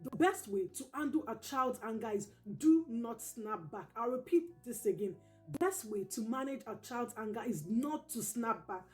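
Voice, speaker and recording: A woman hosting a parenting channel, giving advice straight to camera, repeating each key point slowly and emphatically. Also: on the high side, expressive, a little mellow, soft background music.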